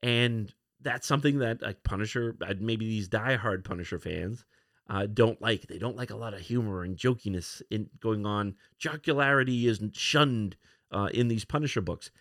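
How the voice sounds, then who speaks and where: A man's voice: fairly low pitch, normal speed, a bit bright, no room sound, clean studio sound. A man hosting a casual solo podcast, rambling through a comic review with many restarts and fillers. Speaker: podcast host.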